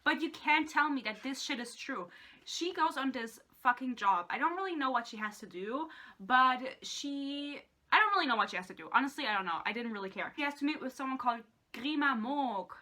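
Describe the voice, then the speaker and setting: A woman's voice: high-pitched, lively intonation, brisk, sharp tone. A young woman vlogger reviewing a book in a sarcastic, exasperated rant, swearing freely and reading passages aloud.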